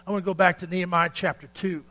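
A man preaching a sermon, telling stories in a folksy way and calling out for amens, building up to shouted peaks. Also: high voice, little pitch movement, quick pace, poor audio. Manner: calls for amen from the congregation. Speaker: pastor.

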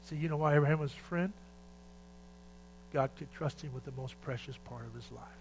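A man preaching a sermon, moving between loud urgent exhortation and quiet, emotional retelling of a scripture story. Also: fairly high pitch, brisk, poor audio. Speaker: pastor. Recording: faint mains hum.

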